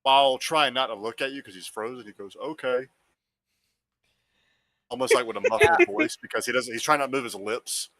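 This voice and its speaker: A man playing in a tabletop game, animated and acting out his character's moves. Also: mid-range voice, quick pace, vocal fry, hardly any pauses. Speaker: player.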